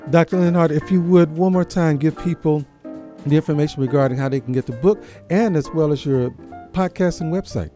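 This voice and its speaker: A man hosting a radio interview, giving warm praise and a formal sign-off. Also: fairly high pitch, a little fast, soft background music. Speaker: interview host.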